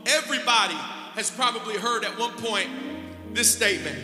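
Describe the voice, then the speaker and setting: Pastor guy preaching hard, really high voice, big echoey church, music going behind him. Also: moderate pace. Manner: emphatic preaching with crowd call-outs. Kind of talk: sermon. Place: church sanctuary.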